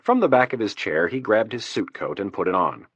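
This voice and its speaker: A male narrator reads a thriller audiobook at a steady, measured pace. His voice is low and husky, recorded close on a studio mic. The sound is dry, with no room echo. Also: lo-fi sound. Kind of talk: scripted narration.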